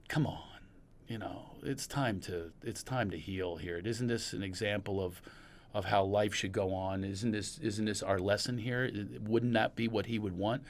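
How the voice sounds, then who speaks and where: A middle-aged man from Pennsylvania with a Pennsylvania accent, hosting a podcast and telling long personal stories in a rambling, animated way. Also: fairly low pitch. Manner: rambling and storytelling, animated when recalling anecdotes. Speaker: podcast host. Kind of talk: casual chat.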